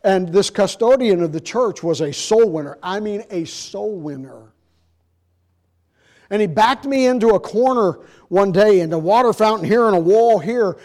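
A middle-aged man preaches from the pulpit in a voice pitched fairly high for a man. He tells stories in a low, confiding tone, then climbs into loud, ringing emphasis before settling back down. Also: expressive, measured pace. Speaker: pastor. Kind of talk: sermon.

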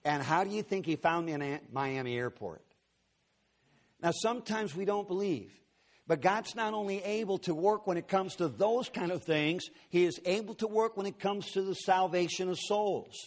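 His voice high and his pace moderate, a preacher tells his congregation personal stories in a sermon, adding homespun, joking remarks along the way.

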